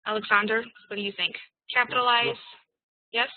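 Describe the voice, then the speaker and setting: A woman teaching an online English class, spelling out example sentences slowly and deliberately. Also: a little high, level tone, no echo. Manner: slow, deliberate dictation of examples. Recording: tinny, dry call audio.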